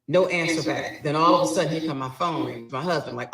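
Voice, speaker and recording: A woman's voice: low voice, animated, fast talker, hardly any pauses, very echoey, recorded from a distance, a crowd in the background, low-quality recording. A woman telling a story dramatically, acting out both sides of a quarrel. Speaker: guest telling her story. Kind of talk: animated storytelling.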